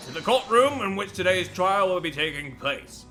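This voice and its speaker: A man playing a booming castle guard. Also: big pitch swings, moderate pace, bright, forceful tone, heavily acted. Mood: commanding. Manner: booming, commanding. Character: stern male castle guard barking orders. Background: game music.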